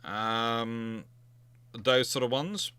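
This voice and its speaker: Brisk emphatic man, bright and dry. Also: mid-range voice, clean tone, dry recording. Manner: chatty, emphatic, thinks aloud with restarts. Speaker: naval history livestream host. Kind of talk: casual livestream Q&A.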